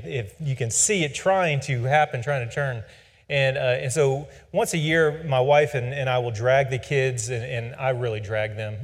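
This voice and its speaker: In a casual, rambling way, a man in his forties shares a personal story and makes humorous fun of himself. His average-pitched voice trails off into a long reverb.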